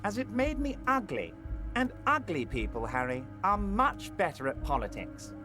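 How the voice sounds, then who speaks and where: A jovial, scheming union boss, booming and self-assured as he makes sweeping speeches. His voice is fairly high for a man and moves up and down a great deal. Game music runs clearly underneath. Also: big pitch swings, moderate pace. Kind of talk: video game voice acting.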